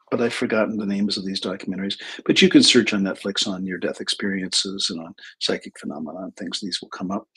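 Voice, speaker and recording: Middle-aged male host, husky, low, loose anecdotal livestream chatter. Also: a bit bright, rough recording. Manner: rambling, anecdotal, many restarts and asides. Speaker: host, psychic and intuitive teacher. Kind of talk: casual livestream talk.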